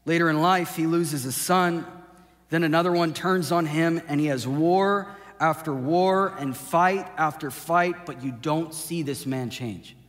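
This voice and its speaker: A male pastor preaching a sermon, swinging from impassioned shouting down to a hushed, intimate delivery. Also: fairly high pitch, measured pace. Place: church sanctuary. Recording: long hall reverb with soft music behind.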